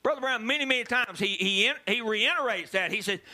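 A male pastor preaches with lively, swooping pitch and a very bright, forceful tone. His voice sits high for a man, and he swings between quiet asides and loud, punchy lines. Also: brisk. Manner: animated preaching with sudden loud emphasis. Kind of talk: sermon.

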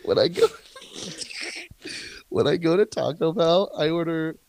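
A man's voice: on the high side, wildly swooping pitch, slow pace, gravelly, a little mellow, slight background noise. A man co-hosting a chat in casual, crude banter, playful and giggly.

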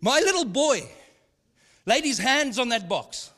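A pastor preaches in a high, light voice, mixing scripture with funny family stories. His delivery is casual and conversational. The sound carries a long reverb from a large hall. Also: sing-song, unhurried, bright, forceful tone. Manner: conversational, humorous storytelling with laughs. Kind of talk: sermon.

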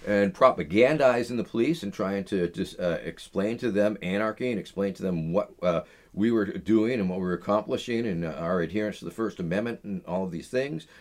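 Low-voiced middle-aged man telling stories. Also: fairly quick. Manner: rambling, full of "uh" and "um" fillers. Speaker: interview guest. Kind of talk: casual storytelling in an interview.

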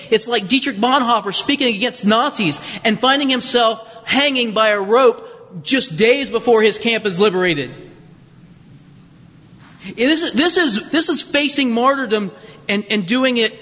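Pastor guy preaching casual and lively, kinda high voice, big echoey hall. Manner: conversational, animated, with restarts and rhetorical questions. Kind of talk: sermon. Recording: long reverb of a large hall.

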